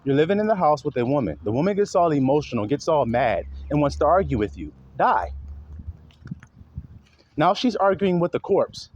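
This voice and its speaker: A man's voice: normal speed, lo-fi sound, a little hiss or hum. A man preaching a sermon, calling out rhetorical questions to his listeners and acting out exaggerated voices. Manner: animated, swings pitch widely, acts out exaggerated voices.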